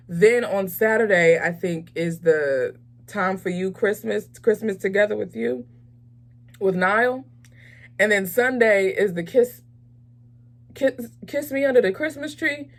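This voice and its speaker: A woman hosting a casual movie review vlog, talking in an animated, enthusiastic, chatty way with frequent fillers. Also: medium pitch. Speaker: host of a movie review channel.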